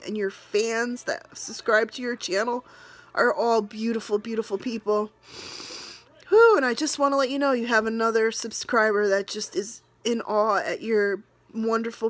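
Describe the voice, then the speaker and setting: A woman vlogger from New England speaks straight to her viewers, close to tears. Her talk is earnest and rambling, full of restarts and heartfelt asides. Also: medium pitch. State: emotional, near tears. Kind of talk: emotional personal vlog.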